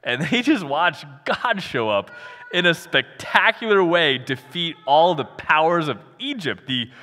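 A man preaching a sermon as pastor, animated, acting out imagined voices and laughing now and then. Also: fairly high pitch, measured pace. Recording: long hall reverb.

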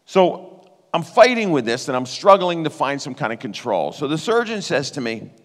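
A man's voice: fairly high pitch, big pitch swings, moderate pace. A man preaching a sermon and sharing a personal testimony in an earnest, conversational way that turns emotional. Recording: reverberant hall.

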